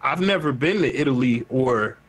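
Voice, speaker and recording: A man hosting a podcast in casual chat, animated, profane and emphatic as he talks with friends. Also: medium pitch, moderate pace. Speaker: podcast host.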